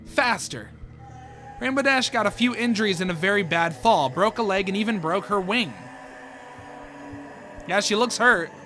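A man's voice: high voice, normal speed, bright, forceful tone. A man on a video channel reading a fan horror comic aloud and reacting casually as he goes. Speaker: YouTuber. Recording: music playing underneath.

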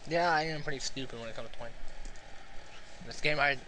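A man's voice: medium pitch, brisk, sharp tone. A young man giving casual, rambling let's-play commentary, self-mocking and out of breath, breathing heavily into a close mic. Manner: rambling, self-mocking, frequent laughs and sighs. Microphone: close home mic. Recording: noisy home recording.

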